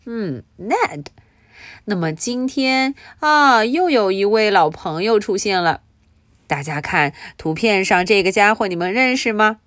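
A woman's voice: mid-range voice, a little slow, dry recording, clean studio sound. A woman teaching through a storybook, reading aloud and explaining it, often asking her listeners questions. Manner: expressive, asks listeners questions.

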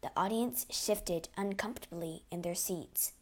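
Woman slowly reading a storybook aloud. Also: mid-range voice. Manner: expressive, dramatic narration.

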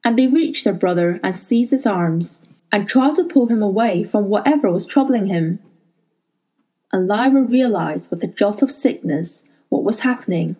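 Mellow-voiced woman reading a novel. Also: medium pitch, lively intonation, normal speed, breathy edge, low-quality recording. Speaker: audiobook narrator.

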